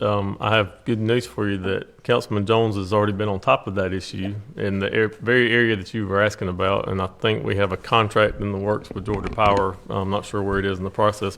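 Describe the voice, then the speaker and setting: A city official giving his report at a council meeting in a measured way, with many filler ums. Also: fairly low pitch, vocal fry, a bit bright.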